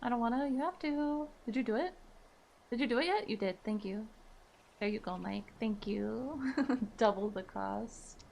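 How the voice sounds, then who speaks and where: Chatty streamer woman, fairly high voice. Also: moderate pace, gravelly, a little mellow, a little hiss or hum. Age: 30s. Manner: chatty, laughs easily, reads chat aloud. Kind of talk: casual live-stream chat with viewers.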